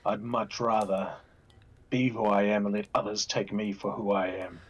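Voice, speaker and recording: A man sits in on a tabletop roleplaying game, speaking in character with earnest, guarded sincerity. His voice sits low and has a husky, breathy edge. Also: level tone, moderate pace. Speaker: player.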